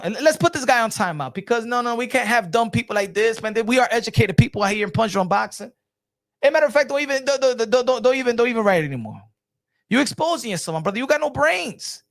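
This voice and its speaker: A man's voice: high-pitched, gravelly. A man hosting a boxing livestream, ranting at chat comments in an exasperated, repetitive and profane way. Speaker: boxing channel host. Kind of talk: livestream rant answering chat.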